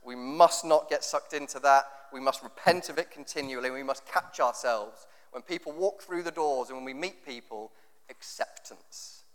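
A pastor from England, his voice medium in pitch and fairly bright, preaches at a moderate pace. It's a conversational, joking sermon in which he often acts out people's words. The recording has a long hall reverb.

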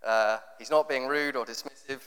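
A man preaching a sermon, reading scripture and explaining it in a conversational, animated way. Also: mid-range voice, moderate pace, smooth. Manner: conversational, animated with rhetorical questions. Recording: long reverb of a hall.

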